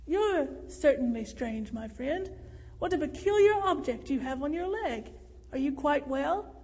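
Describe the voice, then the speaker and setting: A woman's voice: high voice, animated, unhurried, a little mellow. A woman voicing a burly, cheerful man who speaks in a formal, old-fashioned way. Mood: hearty. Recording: reverberant room.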